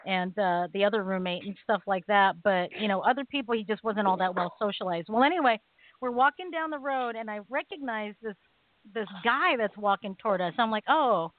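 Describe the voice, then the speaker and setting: A woman co-hosting a talk radio show, telling a story in a casual, animated way and acting out the people in it. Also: mid-range voice, fairly quick, dry recording. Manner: animated storytelling, acts out quoted voices. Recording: dry phone-line audio.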